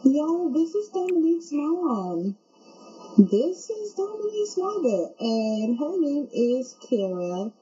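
A woman giving casual let's-play commentary, chatty and excitable, talking straight to her viewers. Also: sits high, slow pace, lo-fi sound. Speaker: game streamer.

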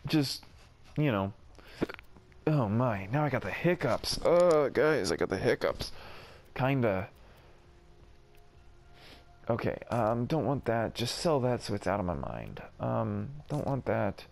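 A man in his middle register giving casual let's-play commentary. He talks at an unhurried pace, chatty and self-deprecating. His reactions come as mild exclamations rather than curses. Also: mid-range voice, very animated, creaky, a little mellow, slight background noise. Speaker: gaming video host.

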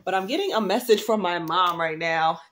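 A woman's voice: on the low side, a little fast, a bit bright. A woman vlogging in a casual, rambling way, full of fillers and restarts, in a tired, groggy morning voice. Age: adult mother. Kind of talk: casual vlog chat.

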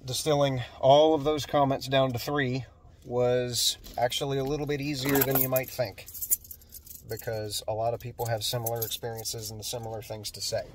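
Speaking at a medium pitch in a level tone and at a moderate pace, a man who makes videos about his electrician work chats plainly and earnestly to camera. He's nasal-voiced and self-deprecating, filming casually at a construction job site over lunch, with slight background noise.

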